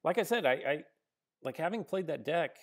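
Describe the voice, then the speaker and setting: Speaking at a normal rate in a somewhat high, lively voice, this male streamer chats casually about the game he's playing live. His thoughts spill out with frequent restarts, ums and likes, and he replies to his audience in between moves.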